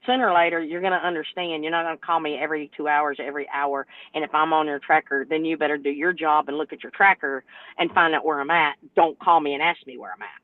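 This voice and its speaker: A woman, a truck driver telling an exasperated, animated story on a podcast panel. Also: deep voice, quick pace, no echo. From North Carolina, US. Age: 60s. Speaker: truck driver and owner operator, panel guest. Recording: tinny phone-like line, dry.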